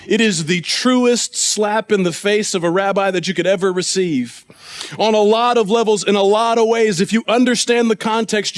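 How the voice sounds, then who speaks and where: High-voiced man preaching a sermon. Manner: storytelling, acts out quoted voices, drops low and quiet for solemn points. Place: church.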